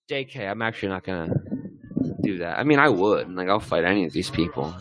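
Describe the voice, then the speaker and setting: Young man with a loud, lively rant. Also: low-pitched, brisk, dry recording, low-quality recording. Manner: crude, heated, rambling, swings between loud and muttered. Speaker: host. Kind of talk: profane casual rant.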